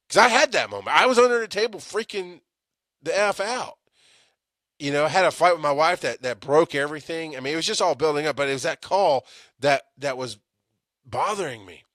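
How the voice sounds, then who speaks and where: A man's voice: a little high, expressive, fairly quick, fairly bright tone, dry recording, studio quality. A man hosting an EMS show, telling a story in a rambling, casual way with many restarts. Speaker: EMS podcast host.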